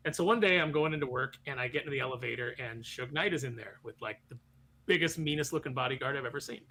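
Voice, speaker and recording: A man co-hosting a pop culture podcast, telling a lively anecdote in casual chat and slipping into put-on voices. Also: mid-range voice, fast talker, slight background noise. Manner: animated anecdote teller, puts on voices. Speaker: podcast co-host.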